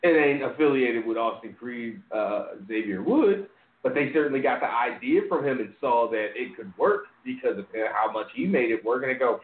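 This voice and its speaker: An animated man hosts a podcast in loose, profane chat, and his voice leaps upward whenever he mocks someone. The audio is narrow and phone-like, with a roomy echo around him. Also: a little fast, slight background noise. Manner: animated, profane, voice jumps high when mocking. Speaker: podcast host. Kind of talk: casual ranting chat. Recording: echoey, phone-like sound.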